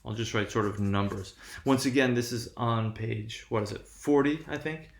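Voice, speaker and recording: A man's voice: medium pitch, normal speed, vocal fry, echoey room. A male lecturer teaching a lesson, explaining step by step with frequent "right?" checks and self-corrections. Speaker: linguistics lecturer. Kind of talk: classroom lecture on stress patterns.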